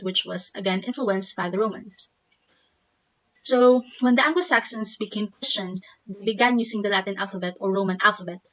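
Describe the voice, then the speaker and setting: A woman's voice: medium pitch, fairly bright tone, poor audio. A woman student reading a class presentation aloud, careful and stopping now and then to restart a word. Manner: careful, with occasional restarts on words.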